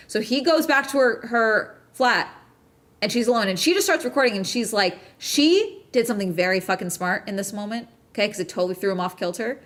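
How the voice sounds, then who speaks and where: A woman hosting a casual podcast, recapping a crime documentary in an animated, profane way with frequent "okay?" check-ins. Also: medium pitch, fairly quick. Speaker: podcast host.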